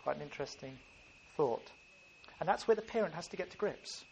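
A man's voice: fairly high pitch, lively intonation, a little fast, vocal fry, darkish tone. A man preaching a sermon, earnest and emphatic, often stopping to restart a phrase. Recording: faint ambient background noise.

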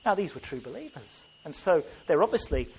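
A man's voice: fairly high pitch, big pitch swings, brisk, gravelly, highs cut off, a little hiss or hum. A man preaching a sermon, earnest and emphatic, often restarting his phrases.

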